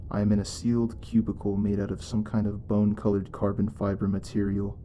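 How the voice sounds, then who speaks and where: A man reading a first-person story as scripted narration, in a measured, even way. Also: fairly low pitch, a little hiss or hum.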